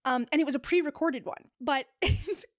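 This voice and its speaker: A woman's voice: sits high, normal speed, dry recording, studio quality. A woman co-hosting a casual chat show, telling stories in a rambling, giggly way with lots of fillers. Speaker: podcast co-host.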